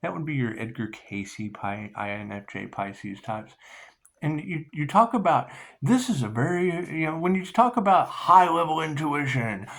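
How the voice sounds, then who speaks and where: A middle-aged man hosting his own spiritual channel, talking in a wandering, sarcastic monologue that repeats phrases and breaks into sudden loud bursts. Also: a little high, lively intonation, moderate pace, vocal fry.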